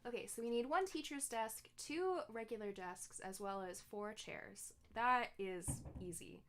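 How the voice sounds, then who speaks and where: A woman's voice: fairly high pitch, unhurried, a bit bright, slight background noise. A young woman giving casual commentary while playing a video game, chatty and giggly, often correcting herself mid-sentence. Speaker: gaming streamer.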